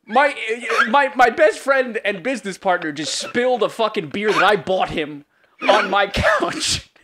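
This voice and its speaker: A man's voice: high voice, lively intonation, normal speed, background noise. A man in his twenties co-hosting a podcast, joking and teasing in casual profane banter. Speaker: podcast co-host.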